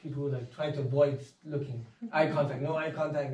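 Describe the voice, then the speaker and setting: A man giving an inspirational talk, telling anecdotes in a casual, animated way and acting out the voices of people in his stories. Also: on the high side, normal speed, slight background noise. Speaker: speaker. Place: meditation centre hall. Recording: echoey hall, voice from far off.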